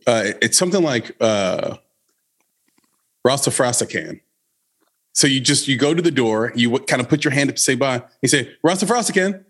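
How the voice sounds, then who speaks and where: A man hosting a podcast, chatting casually and joking with his co-host. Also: mid-range voice. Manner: joking, tells stories with funny voices.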